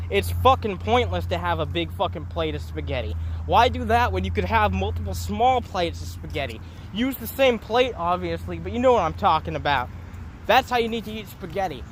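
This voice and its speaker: Young guy going off on a stream, high voice, swears constantly, faint traffic noise behind. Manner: profane, rambling, self-mocking. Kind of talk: solo livestream rant. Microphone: phone.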